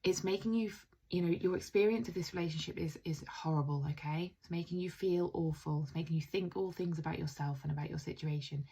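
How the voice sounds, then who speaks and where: A woman teaching a self-healing method to camera, gentle and earnest, who often checks in with "right?" and speaks soothing phrases in a soft, caring tone. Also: lowish voice, fast talker, few pauses, husky. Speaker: intuitive coach.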